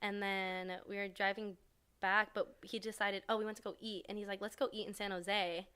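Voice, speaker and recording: A woman's voice: medium pitch, moderate pace, smooth. A young woman from the San Francisco Bay Area, a podcast guest telling a story in casual chat and acting out what people said. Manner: animated storyteller who acts out quoted dialogue, heavy use of "like".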